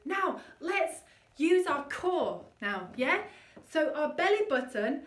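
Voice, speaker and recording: A woman voice coach leading an energetic vocal warm-up and demonstrating the exercises herself. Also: high voice, unhurried, roomy sound, far from the mic.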